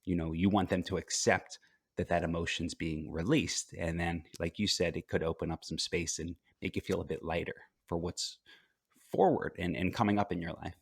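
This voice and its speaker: A man working as a life coach, speaking calmly and reflectively as a guest in a podcast interview, with frequent fillers and restarts. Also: low voice, moderate pace, creaky, breathy edge, no echo, clean studio sound. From United States.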